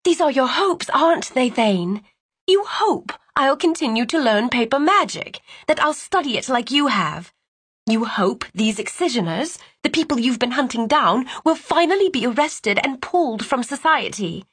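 A woman's voice: high-pitched, big pitch swings, moderate pace, fairly bright tone, husky, dry recording, voice pushed up, exaggerated voice. A woman voicing a frightened young heroine who speaks in a raised, quivering voice, pleading and defiant.

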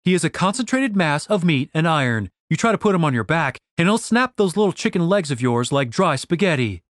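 A man's voice: on the high side, very animated, fairly quick, a bit bright, no echo. A man plays a sarcastic male elf in an audiobook fantasy. He mocks his companions in a dry, snarky tone with a slightly altered timbre, close-miked and dry. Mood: mocking.

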